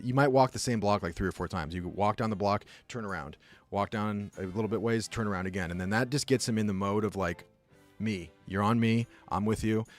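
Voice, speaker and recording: A man's voice: on the low side, no echo. A young man telling a rambling, casual story full of fillers, talking as a podcast host. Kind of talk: casual chat.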